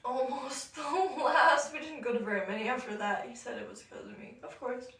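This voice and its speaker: A young woman co-hosting a podcast, telling a story in a casual, animated way, laughing often and acting out what people said. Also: fairly high pitch, fairly quick, recorded from a distance. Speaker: podcast co-host. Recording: echoey room, voice off-mic.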